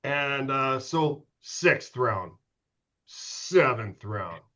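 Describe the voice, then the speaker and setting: A man's voice: medium pitch, animated, extremely slow, bright, forceful tone, lo-fi sound. A middle-aged man, a former pro goalie, telling candid, profane stories as a podcast guest. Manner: profane, candid, self-mocking. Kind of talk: casual storytelling.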